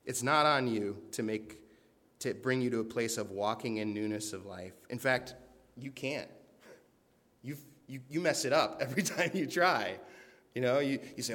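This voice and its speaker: A man's voice: mid-range voice, normal speed, a bit bright, big-room sound. A man preaching a sermon in an earnest, conversational way, reading scripture aloud with emphasis.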